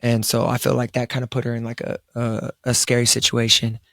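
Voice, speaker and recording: A man's voice: mid-range voice, completely flat delivery, brisk, vocal fry, a bit bright, no echo, studio quality. A young man, telling a long personal story in a casual podcast chat, quoting himself often between fillers. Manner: laid-back storytelling, quoting himself, frequent fillers and restarts. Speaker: podcast co-host. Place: studio around a table.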